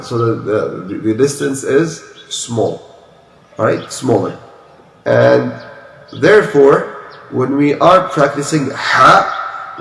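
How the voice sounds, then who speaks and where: A man teaching Quran recitation at a slow, unhurried pace, his voice sitting in the middle range. He explains each sound patiently and repeats it several times to demonstrate. The recording has a noticeably echoey room sound. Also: mid-range voice, a bit bright. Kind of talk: pronunciation lesson.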